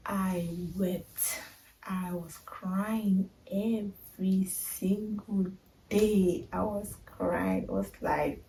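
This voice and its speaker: A young woman shares a personal story on her vlog, confiding and emotional, talking straight to her viewers. Her voice is mellow and a bit dark, and she sits a little back from the microphone. The room around her is echoey. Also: medium pitch, recorded from a distance, a little hiss or hum. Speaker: vlogger.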